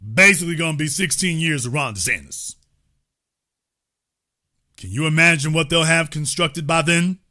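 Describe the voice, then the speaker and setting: A man's voice: a little high, normal speed, long pauses, pushed and bright. A man hosting a political commentary show, lecturing his audience emphatically and repeating his key points.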